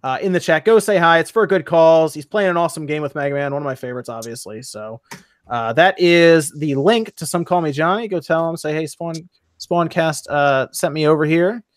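A man's voice: fairly high pitch, brisk, no echo, studio quality. A man hosting a casual gaming podcast stream, often stammering and repeating words. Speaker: podcast host. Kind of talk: casual chat.

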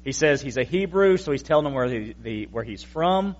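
A man's voice: medium pitch, lively intonation, fairly quick, highs cut off. A male pastor giving a conversational teaching sermon with wry asides to the congregation. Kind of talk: explanatory evening sermon.

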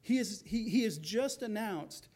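A man's voice: high voice, animated, unhurried, darkish tone. A man preaching a sermon as pastor, in a conversational way, acting out the voices of the people in his story.

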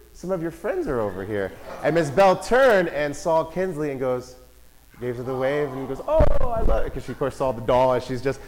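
A father telling a family story in a casual, animated way. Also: medium pitch, slight background noise, rough recording. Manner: animated, acts out voices and shouts in quotes.

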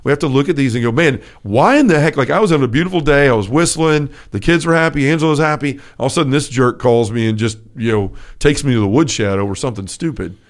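A man talks fast with few pauses in a mid-range voice while co-hosting a Catholic talk show. In this casual faith discussion he tells a personal story earnestly and informally, with many restarts.

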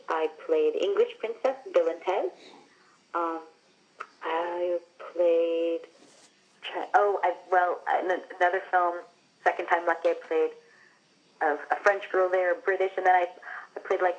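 The recording is muffled, carrying a lowish female voice at a measured pace. She's an actress and guest from Long Island, New York, animatedly telling stories in a relaxed interview, leaning often on "like" and "you know."

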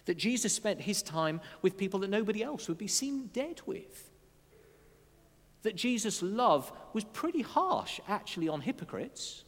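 A man preaching a sermon in a conversational way, with asides and dry humour. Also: sits high. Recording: long hall reverb.

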